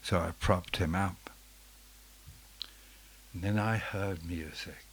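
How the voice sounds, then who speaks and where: Slow, deep-voiced male preacher. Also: steady tone, slight background noise. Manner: dramatic storytelling, swinging from hushed to loud. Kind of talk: sermon.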